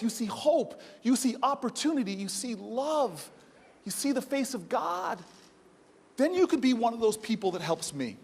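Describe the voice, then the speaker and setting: High-voiced American man orating in a reverberant hall. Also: a little mellow, slightly rough. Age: 40s. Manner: preacherly storytelling with rising oratory. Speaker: senator giving a speech. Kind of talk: impassioned political speech. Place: large conference hall.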